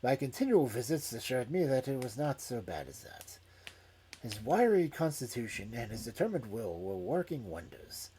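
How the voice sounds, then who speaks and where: A man reading a story aloud in an expressive, dramatic way. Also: mid-range voice, moderate pace, a little hiss or hum.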